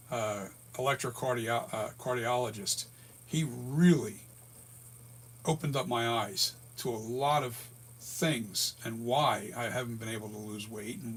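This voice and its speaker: A man in his sixties, hoarse from a breathing tube, telling a rambling story with many self-corrections in a casual vlog. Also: mid-range voice, fairly bright tone, slight background noise. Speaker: latex mask and prop maker.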